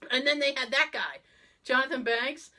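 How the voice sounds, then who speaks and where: A woman hosting a podcast, telling a story in casual chat, animated and laughing often as she acts out quotes. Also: high voice, normal speed. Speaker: podcast host.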